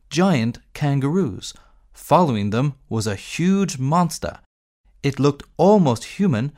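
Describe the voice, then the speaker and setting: A man reading textbook audio, slow and clear, narrating a story and giving exercise instructions. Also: mid-range voice, a little mellow. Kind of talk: scripted narration.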